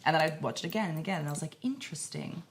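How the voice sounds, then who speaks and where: A woman, co-hosting a podcast in casual chat, telling stories with animated delivery and freely swearing. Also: low voice, racing, slight background noise. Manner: animated storytelling, swears freely, acts out quoted voices. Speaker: podcast co-host.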